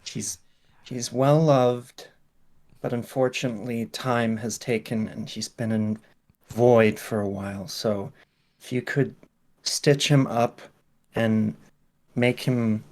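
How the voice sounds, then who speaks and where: Guy at a tabletop game, quiet hesitant way of talking, medium voice. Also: medium pitch, steady tone, slow. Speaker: player. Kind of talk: playing a character in a tabletop game.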